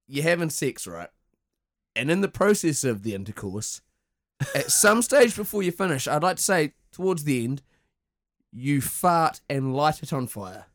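A Scottish man co-hosting a comedy podcast, rambling and swearing as he builds his answers. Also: mid-range voice. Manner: animated, swearing, rambling storytelling. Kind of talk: casual comedy podcast chat.

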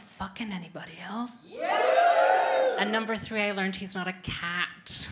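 A young adult woman performing a stand-up comedy set in front of a live audience, with self-mocking deadpan asides to the crowd. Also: fairly low pitch, moderate pace, heavy background noise.

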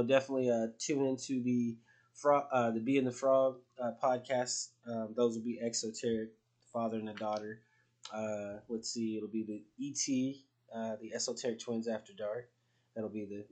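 A man's voice: medium pitch, little pitch movement, normal speed, a little mellow. A middle-aged man hosting a spiritual podcast in loose, rambling casual chat, swearing freely. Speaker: podcast host.

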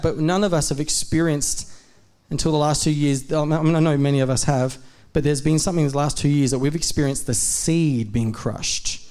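A man preaching a sermon at a church service, spinning a personal story with lively energy. His voice sits at a middling pitch, and he slips into quick acted dialogue as he talks. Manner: animated, acts out quoted dialogue. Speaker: guest preacher.

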